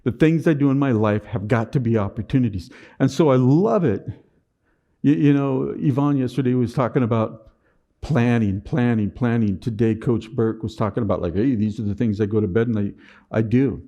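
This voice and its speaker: A man's voice: medium pitch, normal speed, warm tone. A man giving a motivational talk at a conference with a sarcastic, dry sense of humor, often repeating words as he starts a sentence. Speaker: conference speaker. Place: conference stage.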